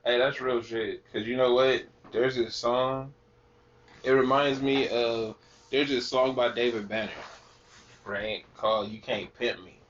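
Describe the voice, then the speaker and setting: A man co-hosting a podcast in casual chat, animated and laughing often. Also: mid-range voice, unhurried, recorded from a distance, slight background noise. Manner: animated, laughing, breaks into shouted sing-along bits. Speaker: podcast co-host. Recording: dull lo-fi sound from off-mic.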